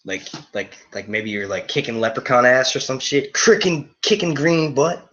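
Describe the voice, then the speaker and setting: A man streaming casual chat to his viewers, excitable and profane, full of slang and jumping between topics. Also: medium pitch, moderate pace, lo-fi sound. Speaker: YouTube reviewer streaming to viewers.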